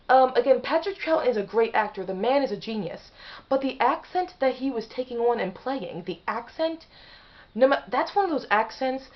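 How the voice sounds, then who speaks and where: Rambling woman vlogger, lo-fi sound. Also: fairly high pitch. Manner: rambling, restarts and self-corrections. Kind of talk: casual opinion vlog. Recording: slightly dull lo-fi audio.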